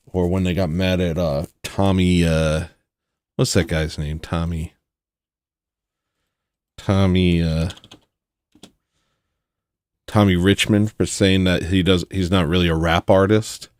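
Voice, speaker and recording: A man's voice: low voice, steady tone, normal speed, dry recording, clean studio sound. A man hosting a podcast, talking casually in a blunt, provocative rant with mocking asides. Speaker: podcast host. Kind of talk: casual opinionated monologue.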